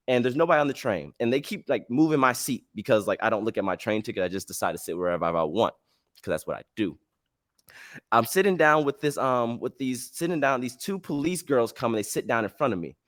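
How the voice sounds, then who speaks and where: A man's voice: medium pitch, big pitch swings, brisk, a bit bright, no room sound, clean studio sound. A man hosting a podcast, telling a travel story in casual slang and acting out the dialogue. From United States. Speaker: podcast host.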